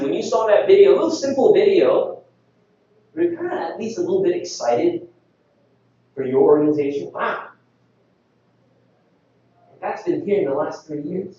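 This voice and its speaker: A man giving an energetic conference presentation, firing rhetorical questions at the audience. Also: sits high. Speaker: conference speaker. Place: conference hall. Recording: echoey hall, distant mic, dull.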